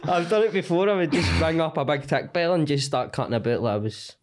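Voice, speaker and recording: A man's voice: fairly high pitch, fast, very noisy. A young Scottish man, a comedian guest, rambling and self-deprecating in casual podcast chat.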